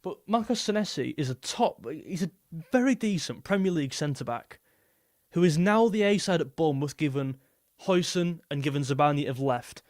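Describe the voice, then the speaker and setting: A man's voice: on the high side, expressive, normal speed, a little mellow, no room sound, studio quality. A young man hosting a live football stream, chatting casually and rambling as he reads out viewer messages. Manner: rambling, repeats himself, reads super chats aloud.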